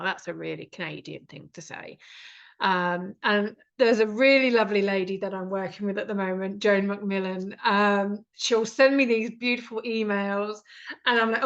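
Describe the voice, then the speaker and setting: A woman's voice: mid-range voice, moderate pace, gravelly, highs cut off. Chatty British woman teaching writers. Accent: British English. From Britain. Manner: chatty, many ums, lively asides. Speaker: writing course instructor. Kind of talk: online teaching session. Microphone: video call.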